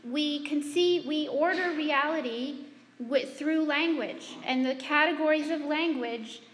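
A middle-aged woman gives a speech to a live audience in a large hall, her voice ringing with long reverb. She speaks slowly and unhurriedly, in a high register. Her delivery is self-deprecating and humorous. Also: slight background noise. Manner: conversational, with restarts and asides. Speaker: speaker addressing students and parents.

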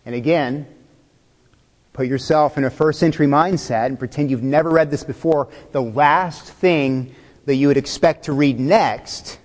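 A man preaching a sermon in a fairly high voice, in a loose, conversational way. He puts questions to his listeners and chuckles as he goes. A long echo trails his words through the hall. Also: darkish tone. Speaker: pastor.

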